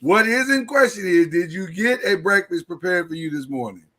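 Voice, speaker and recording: A man's voice: sits high, lively intonation, moderate pace, pushed and bright, low-quality recording. A tired man co-hosting a podcast, ranting and joking in casual chat. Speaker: podcast co-host.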